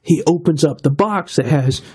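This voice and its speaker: A man with a fairly high but dark, husky voice tells a story in an animated way, often breaking into laughter. He acts out the lines of the people in his tale as he goes along. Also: normal speed. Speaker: radio guest. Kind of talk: animated anecdote telling.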